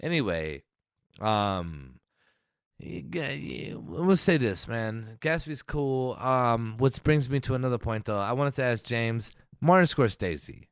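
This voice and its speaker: A man co-hosting a casual podcast, talking in a lively way, swearing and laughing often. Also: mid-range voice, slow pace, creaky, clean tone, no echo, clean studio sound. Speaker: podcast co-host.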